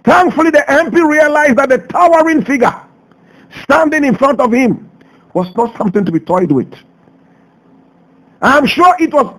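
A Ghanaian man hosting a radio show, delivering a passionate commentary full of rhetorical questions, swinging between loud outbursts and low asides. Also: lively intonation, moderate pace, rough recording. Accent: Ghanaian English. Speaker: radio host. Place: radio studio.

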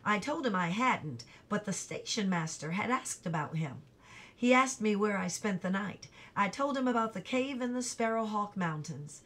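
Reading aloud from a novel, a female audiobook narrator moves through the chapter calmly and evenly. Her pitch is mid-range.

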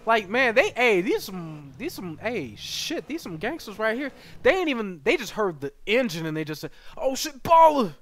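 A man streaming a game live and chatting with viewers, excitable and slangy, jumping from loud shouts to low mutters. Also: normal speed, hardly any pauses. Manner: slangy, playful banter with chat. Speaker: gaming streamer. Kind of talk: live gameplay commentary reading chat.

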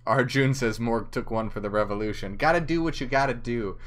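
A man's voice: medium pitch, fairly quick, fairly bright tone. A drunk man hosting a livestream, slurring and giggling as he rambles and reads out viewer comments. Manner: giggly, slurring, easily flustered. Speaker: livestream host. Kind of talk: rambling live chat, reading out viewer comments. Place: indoors, chilly room.

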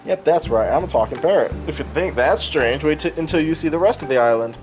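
A man's voice: a little high, animated, fast talker, a little mellow, faint music behind, pitched above the performer's own voice, close to an everyday voice. A man voicing a talking parrot tour guide, reading its lines in a raised, eager tone. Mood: chirpy.

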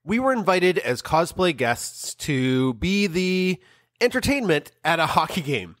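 A man's voice: a little high, very animated, unhurried, a bit bright, no room sound, clean studio sound. A middle-aged man co-hosting a podcast, telling a family story in a rambling way with frequent ums and restarts. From Canada. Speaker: podcast co-host. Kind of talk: casual chat.

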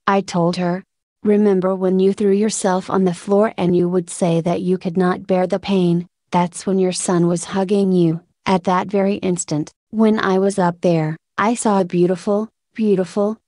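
A woman's voice: mid-range voice, a little mellow, no echo, studio quality. A woman speaking earnestly as she gives a religious testimony to a congregation, addressing them as brothers and sisters.

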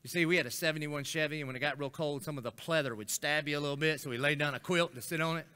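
Man, middle-aged pastor, folksy sermon storytelling, higher voice, very bright tone. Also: rapid-fire, clear, resonant tone. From Florida. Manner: folksy, animated storytelling with acted-out quotes and rising intensity. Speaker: senior pastor.

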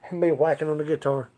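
High-voiced man chatting between songs. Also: mellow. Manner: folksy and laughing, chatty asides. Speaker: host of a live music stream. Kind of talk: casual chat with viewers between songs. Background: his own acoustic guitar.

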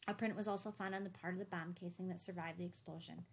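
A woman reading the lines of a grim, tense middle-aged father who speaks low and clipped. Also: fairly even intonation, fast, husky.

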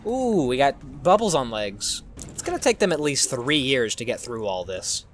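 A man hosting playful gameplay commentary, excitable and goofy, tossing in silly sound effects. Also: mid-range voice, moderate pace, faint music behind. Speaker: gaming channel host.

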